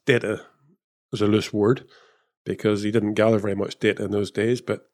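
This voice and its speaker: A man's voice: lowish voice, little pitch movement, brisk, a little mellow. A man, a former motor racing engineer, talking casually in an interview, rambling with many fillers and restarts. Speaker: former F1 technical director and race engineer.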